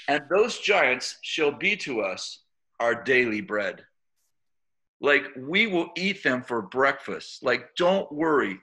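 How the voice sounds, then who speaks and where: A middle-aged man preaching to his church in a loose, storytelling way, full of restarts and fillers. His voice has a gravelly edge with a bright, forceful tone. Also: medium pitch. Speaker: church leader. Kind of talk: informal preaching to a church group.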